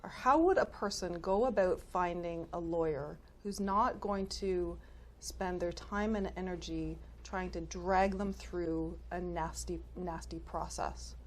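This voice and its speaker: Slow-talking woman host. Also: lowish voice. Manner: slow, frequent affirming backchannels. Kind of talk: interview hosting.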